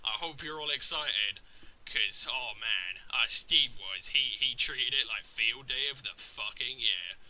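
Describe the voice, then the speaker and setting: A young man giving casual, rambling commentary over his own video game battles, swearing freely and getting excited. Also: mid-range voice, measured pace, vocal fry, rough recording.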